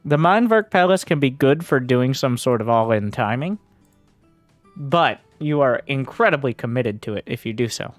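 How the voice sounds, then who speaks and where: A man's voice: medium pitch, lively intonation, moderate pace, no room sound, soft background music. A man coaching as he reviews gameplay, blunt, sarcastic and profane. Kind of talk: game coaching commentary.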